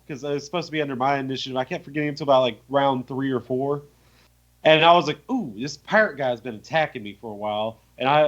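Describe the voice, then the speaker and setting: A young man co-hosting a podcast, retelling a tabletop game in animated, profane storytelling with lots of fillers. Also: on the high side. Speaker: podcast co-host. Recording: muffled lo-fi audio.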